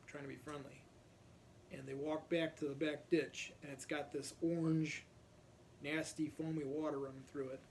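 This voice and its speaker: A man recounts old neighborhood tales in a loose, rambling storytelling style, his voice sitting a little high for a man. He keeps stopping to clear his throat between thoughts. A faint hiss of noise sits under the recording. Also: level tone, moderate pace, a little mellow. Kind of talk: casual anecdotal storytelling.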